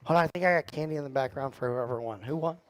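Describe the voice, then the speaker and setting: The middle-aged youth pastor speaks very fast in a mid-range voice, teaching a casual church youth group through a handheld or headset mic. He jokes, teases the kids around him, and pokes fun at himself, all on a low-quality recording.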